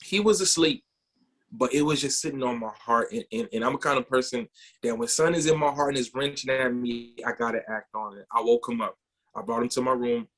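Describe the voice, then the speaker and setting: A man co-hosting a podcast, telling a personal story in an animated way and often repeating words. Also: mid-range voice, a little fast. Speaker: podcast co-host.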